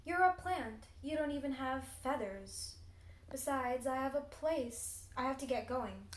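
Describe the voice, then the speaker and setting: A teenage girl voicing a busy female cactus wren with a scratchy, brisk, dismissive way of talking. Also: high voice, lively intonation, reverberant.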